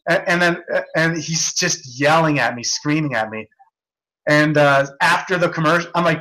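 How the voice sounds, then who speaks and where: Bright, high-voiced ranting young man. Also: normal speed, rough recording. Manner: agitated, repetitive storytelling with many restarts. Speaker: podcast host. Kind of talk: casual rant.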